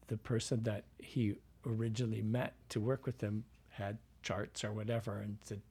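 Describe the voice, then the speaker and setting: Mellow, husky-voiced man telling stories. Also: fairly low pitch, little pitch movement, moderate pace. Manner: rambling storyteller with many fillers and restarts. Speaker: dialect coach. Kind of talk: interview anecdote.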